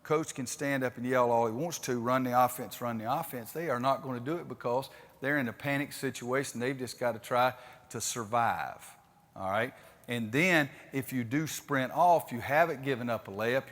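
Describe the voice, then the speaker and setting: A man's voice: medium pitch, moderate pace, fairly bright tone, big-room sound. An older man, a basketball coach, running a clinic demonstration with a folksy manner and calling out instructions to players. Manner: folksy, directs players on court with calls. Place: gym court.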